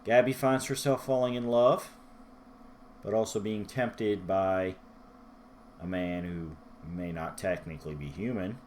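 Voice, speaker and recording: A man's voice: deep voice, measured pace, darkish tone, a little hiss or hum. A man talking through a book review in a rambling, self-deprecating vlog style. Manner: rambling, self-deprecating, loses his place in his notes.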